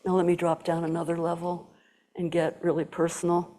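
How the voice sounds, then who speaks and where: A woman's voice: lowish voice, monotone, fairly quick, dark tone. An older woman giving a storytelling Zen talk to a live audience, acting out quoted voices and dropping to whispers.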